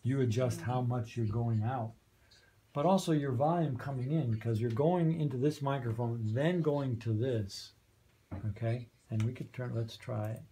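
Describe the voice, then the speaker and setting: A man's voice: mid-range voice, normal speed, dark tone. A man training volunteers on a community radio studio's soundboard, patiently checking understanding as he goes. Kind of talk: hands-on training walkthrough.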